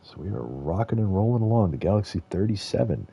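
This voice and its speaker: A man's voice: lowish voice, animated, fast talker, gravelly, mellow, slightly rough. A man streaming a video game, chatting casually and rambling with frequent chuckles. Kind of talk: casual gameplay commentary.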